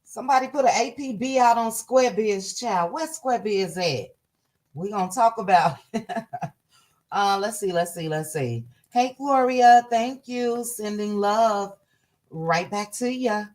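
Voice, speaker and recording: A woman hosting a casual livestream chat, tired and a little hoarse, greeting viewers by name. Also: medium pitch, lively intonation, slow pace, a little mellow. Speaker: livestream host.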